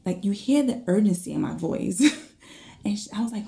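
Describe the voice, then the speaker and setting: A woman in her thirties casually telling viewers a story, animated, acting out the voices and dropping into whispers. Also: medium pitch, normal speed, creaky. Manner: animated, acts out her own and others' voices, drops to whispers.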